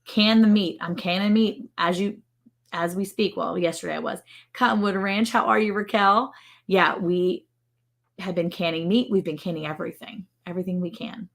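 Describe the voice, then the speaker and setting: A woman's voice: lowish voice, steady tone, normal speed, vocal fry. A woman hosting a casual livestream from her ranch, chatting playfully and joking while reading out viewer comments. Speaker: livestream show host. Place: ranch home.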